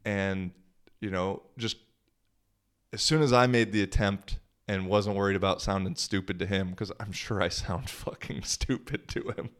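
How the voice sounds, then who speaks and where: A man's voice: sits low, steady tone, normal speed, a bit bright, clean tone. A young man hosting his own podcast, talking in a laid-back, slangy, profane way. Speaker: podcast host. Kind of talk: casual solo podcast monologue.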